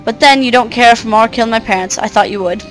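A woman's voice: fairly high pitch, fast talker, fairly bright tone, soft background music, lightly acted, poor audio. A woman voicing a brave eleven-year-old girl, reading polite, earnest game dialogue aloud.

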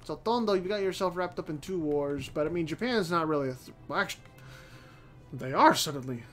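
Talking a little fast, a man with a fairly high voice hosts a casual strategy game let's-play for his channel. Faint music sits under his commentary as he thinks out loud, cusses often, and garbles his sentences.

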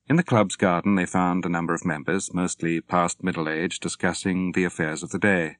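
A male narrator with a low voice reads an audiobook in a measured, understated manner. The recording is very dry and close, with no room sound. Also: steady tone, dry recording. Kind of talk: scripted narration.

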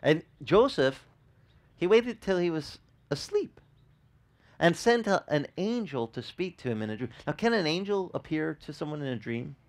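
A man, a pastor, giving a conversational sermon, animated and quizzing the congregation, often repeating words as he restarts. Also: fairly high pitch, moderate pace. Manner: animated, asks the congregation questions.

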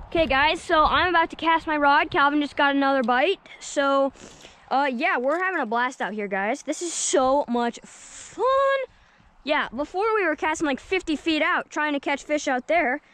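A woman vlogging while fishing outdoors at a lake, excitable and keeps calling out to viewers. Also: high voice, normal speed. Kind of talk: excited outdoor vlog commentary. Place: outdoors at a lakeshore.

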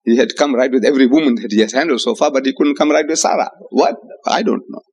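A man's voice: medium pitch, lively intonation, fast talker, a little mellow, in a large hall, poor audio. A man giving an emphatic religious debate lecture, posing rhetorical questions and quoting scripture. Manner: emphatic, rhetorical, quotes scripture in Arabic and English.

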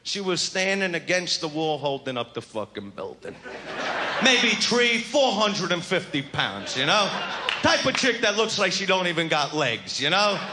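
A man's voice: high voice, big pitch swings, moderate pace. A male stand-up comedian with a brash, crude, swaggering delivery, on stage before a live audience. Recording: live show with loud crowd laughter and noise.

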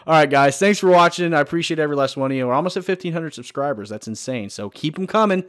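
A man's voice: on the high side, expressive, fast talker, fairly bright tone, no echo, clean studio sound. A young man giving casual, swear-filled commentary while playing a video game, chatting to himself and the screen. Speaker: gaming channel host.

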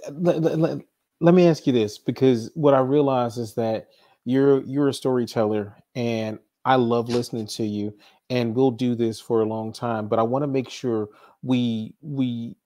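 A man hosting a live interview broadcast, agreeing often and asking halting, restarting questions. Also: mid-range voice, fairly even intonation, dark tone. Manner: affirming, many short backchannels, halting questions. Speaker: host.

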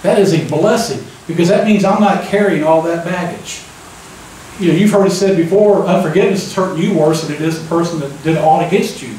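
A man preaching a conversational sermon, folksy and relaxed, often turning to the congregation with a quick "amen?". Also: a little high, slight background noise. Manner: folksy, keeps asking the crowd "amen?". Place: church sanctuary. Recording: echoey church room, mic at a distance.

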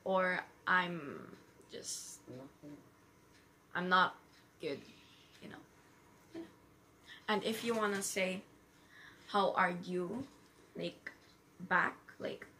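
A woman gives a casual vlog lesson at a very unhurried pace and repeats every phrase with care. Her voice sits a little low but has a bright, forceful edge. A faint hum of noise runs behind her. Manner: slow, repeats each phrase carefully. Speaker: amateur French tutor.

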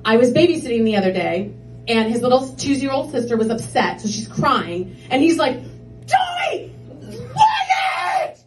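On a club stage, a woman performs a stand-up set in a chatty, rambling way, using lots of filler words; her voice is fairly high, animated, and brisk. She's recorded from a distance in a roomy club, with soft background music and a loud crowd.

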